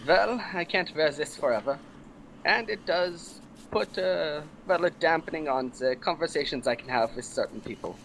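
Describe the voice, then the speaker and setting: A man's voice: fairly high pitch, normal speed, creaky, a bit bright, a little hiss or hum. A man playing a stiff, formal bounty hunter in a tabletop game, with stilted, polite phrasing. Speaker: player.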